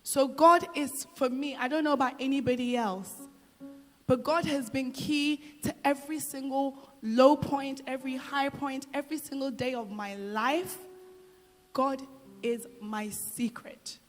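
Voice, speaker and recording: A middle-aged woman speaking to a hall in a high voice, giving an encouraging motivational speech. She repeats key phrases for emphasis. Her voice rings with a long hall reverb. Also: steady tone, unhurried, soft background music. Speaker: guest speaker.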